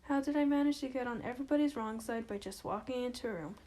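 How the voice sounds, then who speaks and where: A woman voicing a restless, flippant twenty-year-old daughter in an amateur play reading, quiet and offhand. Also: fairly high pitch, quick pace, lightly acted.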